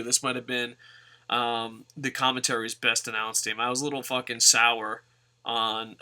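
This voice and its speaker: A man reviewing a wrestling show in a casual, rambling vlog, swearing constantly and breaking into loud, excited shouts. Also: medium pitch. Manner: rambling, self-correcting. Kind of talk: casual profane recap vlog.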